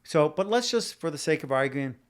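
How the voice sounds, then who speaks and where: A man's voice: a little high, lively intonation, a little fast. Rambling, argumentative male podcast host. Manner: rambling, repeats and restarts words, argumentative; talks directly to live viewers. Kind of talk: casual opinion monologue.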